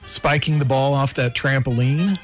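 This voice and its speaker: A man's voice: mid-range voice, normal speed, faint music behind. A man co-hosting a sports radio show, talking casually and rambling as he thinks aloud. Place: radio studio.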